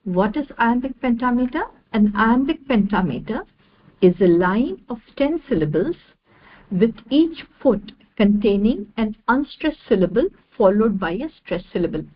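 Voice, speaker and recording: A woman giving an online lecture over slides, measured and repeating each definition step by step. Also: fairly high pitch, expressive, highs cut off.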